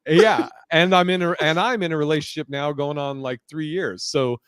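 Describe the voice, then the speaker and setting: A man in his thirties tells comedy stories on a podcast, swearing often and laughing along. His voice sits a little high. The recording is dry and close. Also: normal speed, clear, resonant tone, no echo. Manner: animated storyteller, swears freely, laughs a lot. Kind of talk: casual podcast chat, storytelling.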